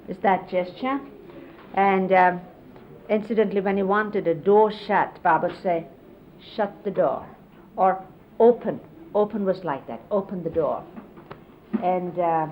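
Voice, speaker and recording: On dull, faintly hissing 1970s videotape, a middle-aged disciple reminisces about a spiritual teacher in a medium-pitched voice. Her storytelling is casual and full of fillers as she describes hand gestures.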